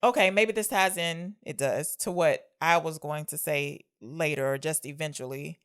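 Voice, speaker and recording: Low-voiced woman chatting about a movie. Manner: chatty, interrupts with quick questions and teasing asides. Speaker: podcast co-host. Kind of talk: casual film discussion.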